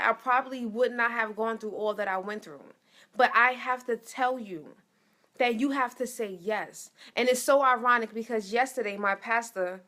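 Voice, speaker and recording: Young woman, motivational speaker, earnest testimony, slightly high voice, restarts and repeats. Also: bright, forceful tone. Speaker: motivational speaker and life coach. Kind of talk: personal faith testimony.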